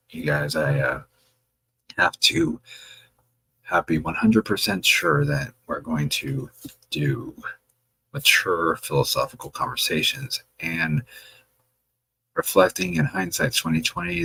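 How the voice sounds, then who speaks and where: A man hosting a livestream, reading viewer comments aloud with a chatty, wry manner and a gravelly voice. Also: mid-range voice, sharp tone, rough recording. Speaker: livestream host reading chat. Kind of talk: casual livestream chat.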